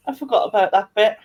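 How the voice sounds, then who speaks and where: A woman's voice: medium pitch, darkish tone. A woman hosting a casual video-call chat, chatty and laughing often. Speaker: host of an online meet-up.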